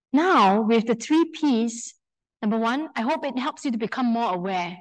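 A woman with a Singaporean accent leading a live workshop, telling stories with animated quoted speech and asking the audience questions. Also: mid-range voice, low-quality recording. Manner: lively storyteller, acts out quoted speech; engages audience with questions and polls. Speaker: workshop speaker.

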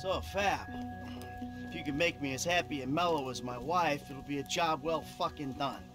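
Actor as a tired husband, deadpan sarcasm, game score behind. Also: male voice, on the high side, normal speed, lightly acted. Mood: sarcastic. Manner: dry, mocking sarcasm. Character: sarcastic, jaded middle-aged husband. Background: game music.

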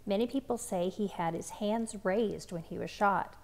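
A woman voicing a patient father who gently explains sad news to his son in a storybook read-aloud. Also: medium pitch, moderate pace, close to an everyday voice. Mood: gentle sad.

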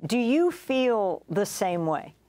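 Woman news anchor, talks slow and measured, gentle questions. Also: mid-range voice, very animated. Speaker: news host. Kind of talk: news interview.

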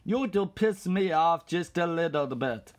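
A man putting on a deep angry voice, scolding and insulting with heavy swearing. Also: expressive, unhurried.

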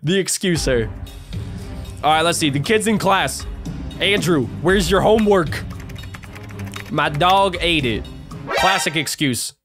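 A young man doing an excited video reaction commentary, yelping, laughing and reading lines aloud in passing. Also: a little high, unhurried, pauses often, over music. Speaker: gaming reaction host.

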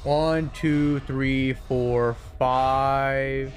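A young man streaming a horror game, excitable and swearing, yelping and shouting whenever he gets startled. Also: medium pitch, extremely slow, slight background noise. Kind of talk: live gameplay commentary.

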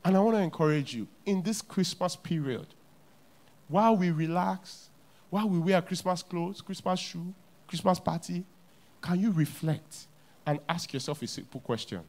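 A man preaching a sermon as pastor in a church, with a Nigerian English accent, repeating key lines and swinging from hushed to loud. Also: sits high, moderate pace.

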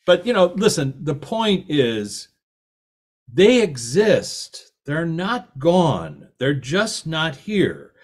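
A middle-aged man with a lively, anecdotal way of talking, telling stories in a talk and acting out the quoted voices. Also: on the high side, extremely slow. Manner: animated, anecdotal, laughs at his own stories, acts out quotes. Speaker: author and podcast host giving a talk. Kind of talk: storytelling talk.

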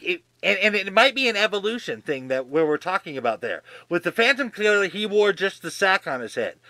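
A man's voice: high voice, pushed and bright, no room sound. A man co-hosting a podcast in casual chat, rambling with many restarts and freely swearing. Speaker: podcast co-host.

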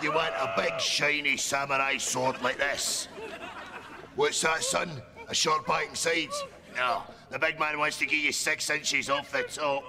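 A man's voice: on the high side, fairly even intonation, measured pace. An actor with a Scottish accent playing a crude, boastful macho man in a comedy sketch. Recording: loud hiss over TV audio.

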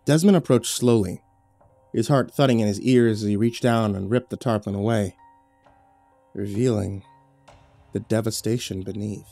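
A man's voice: lowish voice, normal speed, pauses often, dry recording, faint music behind. Man narrating a horror story, dry sound. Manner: steady, dramatic storytelling.

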